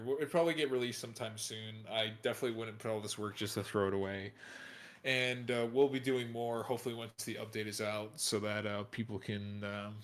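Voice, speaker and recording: A man's voice: fairly low pitch, a bit bright. A man who is a game developer, chatting casually on a live stream and often restarting his sentences.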